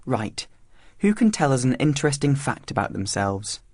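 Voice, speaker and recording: A man voicing a kindly male teacher who asks gentle, probing questions. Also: medium pitch, sing-song, moderate pace, no room sound, clean studio sound. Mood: curious.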